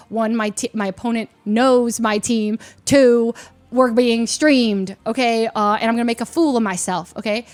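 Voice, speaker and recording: A woman with a slightly high voice tells a story to her stream. She speaks quickly and animatedly, laughs often, and restarts her sentences as she goes. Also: fairly even intonation.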